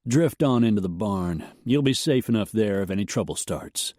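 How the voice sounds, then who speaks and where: A man voicing a steady ranch foreman who speaks firmly and warns. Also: fairly low pitch, normal speed, no room sound, studio quality, lightly acted.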